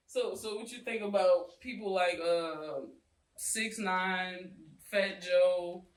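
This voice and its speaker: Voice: mid-range voice, recorded from a distance. Off-mic speaker, echoey room. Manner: interjecting, halting questions. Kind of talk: casual discussion.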